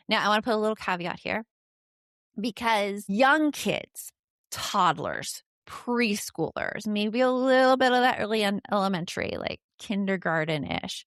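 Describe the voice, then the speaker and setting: A woman's voice: mid-range voice, fairly bright tone, dry recording, studio quality. A woman podcast host giving casual parenting advice, speaking directly and frankly to the listener.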